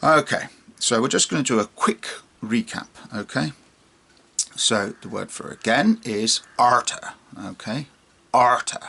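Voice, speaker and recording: A man's voice: medium pitch, lively intonation, measured pace, creaky, sharp tone, husky. A man teaching a casual online language lesson, repeating words and checking in with "okay?" after each one. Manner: chatty and informal, with many fillers.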